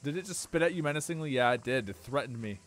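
A man giving playful let's-play commentary as a game streamer, swearing and talking back at the creatures on screen, with sudden loud outbursts. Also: mid-range voice, expressive, fast talker.

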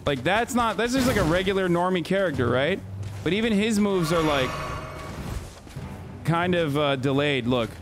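A man's voice: high voice, animated, normal speed, pauses often. A man in his thirties, brashly trash-talking and swearing while streaming a game, yelping when he dies. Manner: yelps and shouts when dying. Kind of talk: live gameplay commentary. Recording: game music playing behind the voice.

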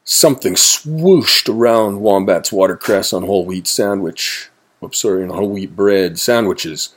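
A man reading a children's story aloud in a gentle, playful, unhurried way. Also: deep voice.

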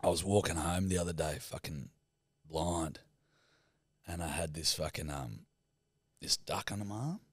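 A man's voice: low-pitched, moderate pace, long pauses, husky, no room sound, clean studio sound. A young man, co-hosting a podcast in casual chat and swearing freely as he tells crude yarns. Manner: sweary, laid-back banter. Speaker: podcast co-host.

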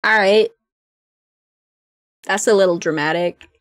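A woman's voice: mid-range voice, a little slow, fairly bright tone, dry recording, studio quality. A young woman streaming a game, commenting casually and playfully, often giggling.

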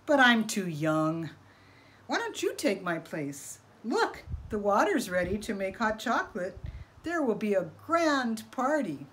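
A woman voicing a scheming, quick-witted male rabbit trickster who talks in a bright, coaxing way. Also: mid-range voice, sing-song.

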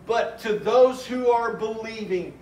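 High-voiced preaching man, echoey church. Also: a little mellow. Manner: earnest preaching, recites hymn verses slowly. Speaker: pastor. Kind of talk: sermon. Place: church sanctuary. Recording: echoey church room from a distant mic.

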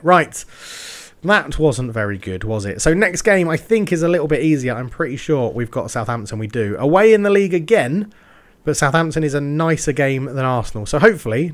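A man playing a football management game, calling the match like a commentator and chatting through his choices with self-mocking asides. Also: medium pitch. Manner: excitable, swells loud on big moments. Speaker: gaming YouTuber. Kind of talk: mock football commentary over gameplay.

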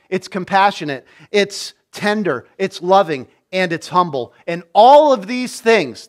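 High-voiced man preaching a sermon. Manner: emphatic, repeats key phrases, acts out quoted voices. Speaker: pastor.

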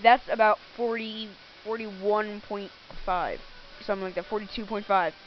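A woman's voice: medium pitch, steady tone, normal speed, a little hiss or hum. A woman hosting a let's play, giving casual, rambling gameplay commentary and often correcting herself. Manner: rambling, self-correcting, giggly. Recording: dull lo-fi recording.

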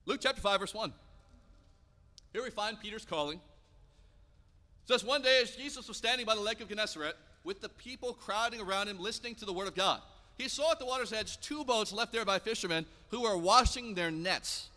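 A high, bright male voice preaching in a church, with a long hall reverb trailing each phrase. He tells Bible stories in a relaxed, conversational way and slips casually into the characters' lines. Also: fairly quick. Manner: storytelling preacher, acts out biblical dialogue casually. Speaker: pastor. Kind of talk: sermon. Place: church sanctuary.

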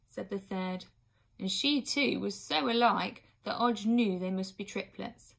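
A woman reading a children's book aloud expressively, now and then pausing for an aside to her listeners. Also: medium pitch, creaky. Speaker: reader.

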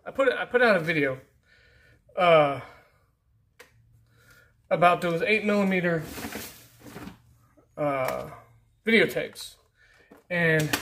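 Rambling, easygoing man opening mail. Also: a bit bright. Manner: rambling, easygoing, often trailing into low mutters. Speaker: YouTube channel host. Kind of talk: casual mail-call vlog. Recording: faint background noise.

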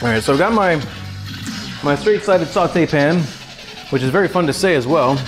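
A man's voice: on the high side, lively intonation, moderate pace, over music. A man streaming a casual cooking lesson from his home kitchen, rambling and joking with his chat. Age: adult. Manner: rambling, jokey, talks to chat.

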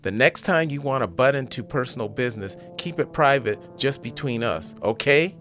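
A man voicing an angry, bossy young woman who shouts harsh, demanding lines in a storybook reading. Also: medium pitch, lively intonation, normal speed, soft background music, close to an everyday voice. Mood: furious.

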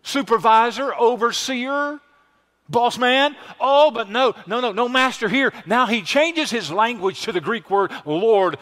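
A man preaching a sermon as pastor, emphatic, swinging from hushed lines to loud exclamations. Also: very high-pitched, expressive, moderate pace, few pauses.

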